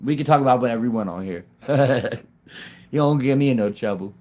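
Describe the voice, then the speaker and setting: A man chatting casually on a livestream from his phone, rambling in halting, broken-off phrases and laughing often. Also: mid-range voice, darkish tone. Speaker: YouTube livestreamer.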